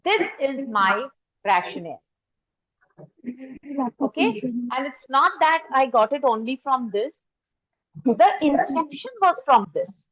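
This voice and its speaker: A woman's voice: high-pitched, very animated, takes it slowly, pauses often, fairly bright tone. A woman with an Indian English accent, telling a story as she lectures faculty and turning to speak straight to the audience. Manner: storytelling, switches into Hindi, addresses the audience directly. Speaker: faculty trainer. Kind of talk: anecdotal lecture. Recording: dull lo-fi recording.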